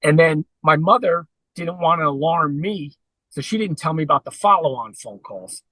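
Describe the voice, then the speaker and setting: Man, podcast guest, earnest storyteller, forceful fairly high voice, dry close sound. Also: moderate pace, no echo, low-quality recording. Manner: earnest, recounting at length. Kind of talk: conversational interview.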